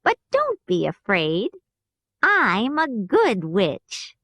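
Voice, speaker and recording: A gentle good witch from a storybook, read by a woman with an American accent. She speaks slowly and soothingly, her pitch rising and falling. The recording is dry and close. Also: wildly swooping pitch, no room sound, exaggerated voice.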